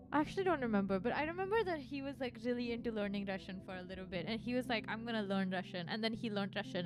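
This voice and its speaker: Chatty young woman streamer, music behind. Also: on the high side. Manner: rambling, chatty, full of "like" fillers. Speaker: virtual streamer. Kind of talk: casual chat with viewers.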